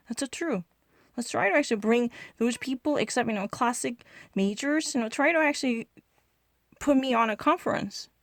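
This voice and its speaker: In a slightly high voice with no room sound, a young Korean-native woman chats casually in a gaming vlog. She brags, gets defensive and insists loudly, and flips between languages mid-thought.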